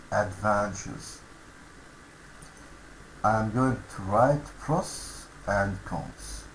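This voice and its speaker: A man's voice: medium pitch, slight background noise, low-quality recording. A man teaching English vocabulary to schoolchildren, saying each word twice and explaining it. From Egypt. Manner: slow, repeats each word aloud for learners.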